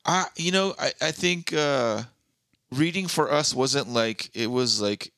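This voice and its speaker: A male podcast co-host with a gritty, fry-laced voice, reading history notes aloud and breaking off for quick asides. The sound is dry and close-miked, with no room around it. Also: medium pitch, fairly bright tone, no echo. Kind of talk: casual comedy podcast chat.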